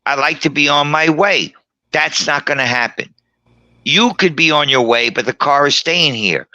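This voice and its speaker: A man's voice: on the high side, normal speed, bright, forceful tone, no echo. A middle-aged man telling rowdy, profane tall tales as a guest, combative and boastful. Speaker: guest storyteller. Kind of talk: rowdy bar-room storytelling.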